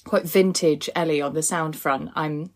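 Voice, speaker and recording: A woman's voice: deep voice, fairly even intonation, normal speed. A woman co-hosting a podcast, chatting casually in a self-deprecating way. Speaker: podcast co-host.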